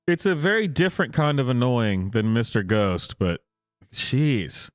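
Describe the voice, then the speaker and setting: Incredulous man's lively reaction commentary. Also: mid-range voice, dry recording, clean studio sound, soft background music. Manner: incredulous, laughing, halting. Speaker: host.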